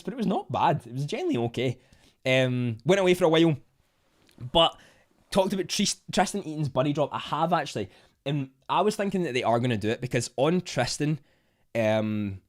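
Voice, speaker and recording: A Scottish man hosting a casual livestream, chatting to viewers in a rambling way and often restarting his sentences. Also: a little high. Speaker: livestream host reading chat. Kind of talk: casual live chat.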